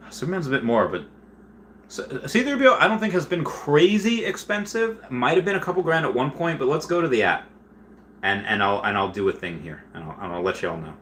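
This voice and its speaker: Guy hosting a chill livestream from home, bright voice, lots of "like" and "um", gets loud when riled up, faint hum behind. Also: mid-range voice. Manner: excitable, rambling with many fillers, gets loud when upset. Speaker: host. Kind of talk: casual livestream chat.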